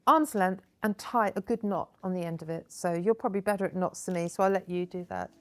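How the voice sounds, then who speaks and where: At an indoor crafting table, a woman with a lowish voice hosts a hands-on workshop, talking quickly with faint music behind her. She's chatty and encouraging, often praising her guests as she explains each step.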